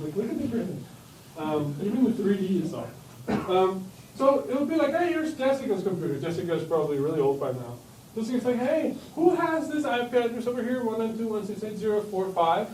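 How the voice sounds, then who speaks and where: A man teaching a university class, joking and acting out computers in quick quoted voices. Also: high voice, dark tone, slight background noise. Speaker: university lecturer. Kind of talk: classroom lecture. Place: lecture hall. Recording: echoey lecture hall from far off.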